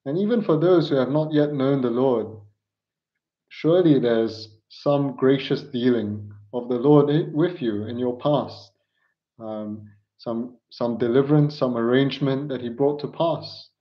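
A man preaching a sermon in an earnest, halting way, pressing his listeners with rhetorical questions. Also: medium pitch. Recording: dull lo-fi recording.

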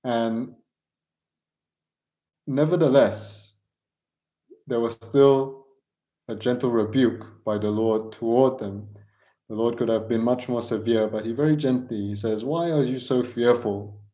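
Male preacher for a sermon: earnest, halting, keeps asking pleading rhetorical questions; mid-pitched voice on a muffled, lo-fi recording. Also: fairly even intonation. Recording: dull lo-fi recording.

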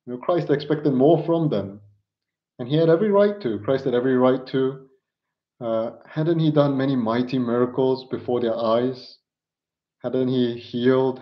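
Earnest male preacher, dull lo-fi recording. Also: medium pitch. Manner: earnest, halting, pleading rhetorical questions. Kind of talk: sermon.

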